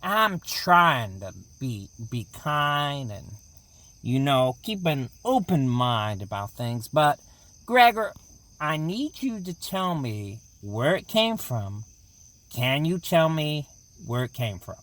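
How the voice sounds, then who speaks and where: A man's voice: fairly high pitch, very animated, takes it slowly, a bit bright. A man co-hosting an improvised comedy audio play, talking in a stammering, flustered, pleading way.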